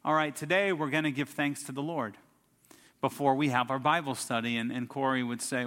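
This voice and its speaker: A man's voice: medium pitch, fairly even intonation, fairly quick, fairly bright tone, long reverb tail. A middle-aged man preaching a sermon as a pastor, telling stories and building emphatic lists. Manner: storytelling preacher, emphatic lists and rising outbursts.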